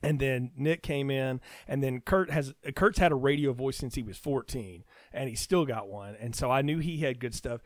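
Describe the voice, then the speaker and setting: A man's voice: mid-range voice, normal speed, few pauses, no echo. Chatty man on a dry mic. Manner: rambling, chatty and easygoing. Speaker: podcast guest. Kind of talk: casual conversation.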